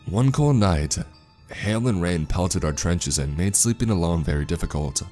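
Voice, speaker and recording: A man reading a scripted horror story in a steady, grave manner. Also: sits low, moderate pace, faint music behind. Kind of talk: scripted narration.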